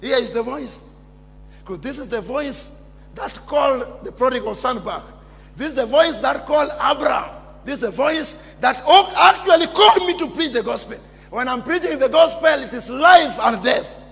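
High-pitched fiery Kenyan pastor, gravelly. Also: male voice, animated, moderate pace. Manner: fiery preaching, swings from shouts to near-whispers. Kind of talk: sermon. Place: large church hall. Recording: long church reverb.

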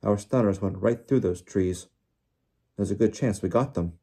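A man voicing a bold, bearded middle-aged wizard who speaks confidently and loudly. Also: on the low side, moderate pace, slightly rough. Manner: confident, loud.

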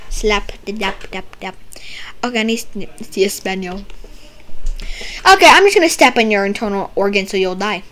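A young woman playing a doctor in a game roleplay, silly and teasing, with sudden loud outbursts. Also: medium pitch. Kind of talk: playful game roleplay banter.

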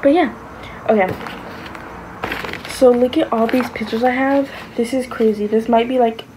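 A woman's voice: a little high, fairly even intonation, moderate pace. Gushing young woman vlogger, faint hiss. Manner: gushing, exclaims often, sometimes drops to a whisper. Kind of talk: casual reaction vlog.

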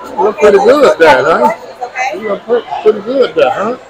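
Man, food vlogger, slightly high voice, chatty, filmed on a phone among a loud crowd. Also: very animated, unhurried. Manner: chatty, addresses viewers as y'all. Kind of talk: casual walking vlog narration. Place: outdoor rodeo food tents in a crowd. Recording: busy crowd noise around.

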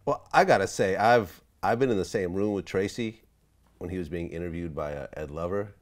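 A man's voice: low voice, fairly quick. A man interviewing a comedian, asking short, casual questions and prompting follow-ups.

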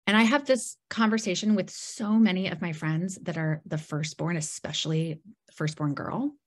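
A woman as a podcast guest, telling a personal story in a casual, animated way and acting out bits of dialogue. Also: fairly low pitch, normal speed. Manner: animated storyteller who acts out quoted dialogue and leans on "like".

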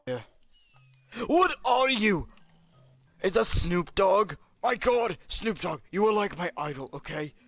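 A man's voice: high voice, very animated, slow, gravelly, fairly bright tone, dry recording, exaggerated voice. A man voicing an arrogant, hot-tempered alien prince warrior while playing a video game, brash and insulting, yelping in panic. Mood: brash, panicky. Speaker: game player. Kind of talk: comedic let's-play voice parody.

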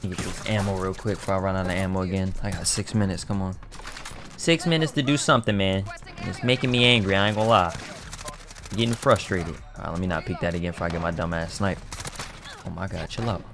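A man commentating his own online shooter matches in casual slang, excitable, trash-talking other players and bursting into shouts. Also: sits low, quick pace, creaky. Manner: casual slang-heavy banter. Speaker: gaming YouTuber. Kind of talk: live gameplay commentary.

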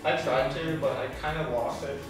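A man's voice: a little high, fairly even intonation, moderate pace. A young man, a student podcast host, chatting casually and animatedly, often trailing off mid-sentence. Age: young adult. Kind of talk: casual chat. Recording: echoey room, voice from a distance, music behind.

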